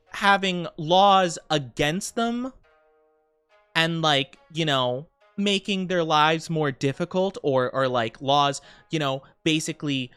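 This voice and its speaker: A man's voice: fairly high pitch, a bit bright, clean tone, no room sound. Bubbly, giggly young male streamer. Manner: bubbly and giggly, talking straight to chat. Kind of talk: casual live-stream chat.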